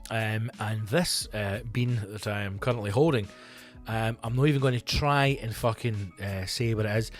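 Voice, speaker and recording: A man's voice: lowish voice, moderate pace, faint music behind. A Scottish man, a comedian hosting his own podcast, talking casually in a profane, rambling monologue full of fillers and asides.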